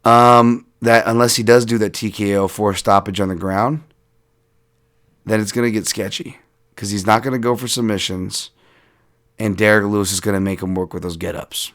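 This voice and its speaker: A man hosting a solo podcast, breaking down fights in a casual, animated way, swearing and laughing as he rambles through asides. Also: on the low side, moderate pace. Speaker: podcast host and fight analyst.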